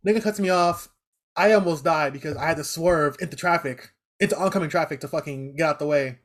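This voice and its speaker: A man telling stories in casual, profane chat, animated and laughing often. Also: fairly high pitch, a little fast.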